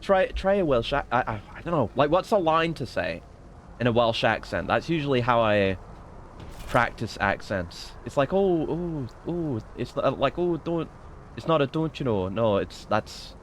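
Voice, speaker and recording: A man's voice: medium pitch, expressive, normal speed, a little hiss or hum. Swearing, joking male game streamer. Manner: profane, joking, rambling. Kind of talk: casual gameplay commentary.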